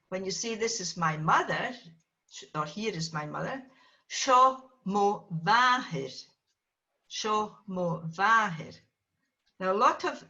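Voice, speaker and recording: A woman teaches a small class at an unhurried pace, her bright, clear voice calling on learners one by one and patiently correcting how they say each word. The recording is dull and lo-fi. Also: mid-range voice. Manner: patient, drills students by name and corrects pronunciation. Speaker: language teacher.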